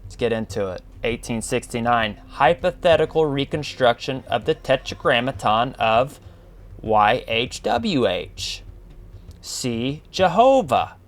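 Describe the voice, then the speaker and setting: A male podcast host in a loose, unhurried monologue. He speaks at a slow, drawn-out pace in an ordinary middle-range voice. He reads passages aloud, then comments on them casually. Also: medium pitch, a bit bright. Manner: slow, drawn-out, addresses listener as man and bro.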